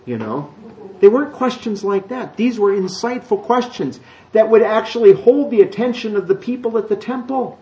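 A middle-aged man preaches in a loose, conversational way. His voice sits slightly high and comes through a dull, lo-fi church recording. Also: moderate pace. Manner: conversational, animated, acts out children's voices. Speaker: pastor. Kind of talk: sermon.

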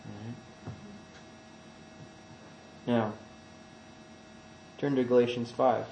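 A man preaching a sermon, swinging from quiet asides to loud, emphatic scripture reading. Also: mid-range voice, little pitch movement, unhurried, vocal fry, reverberant, slight background noise, poor audio.

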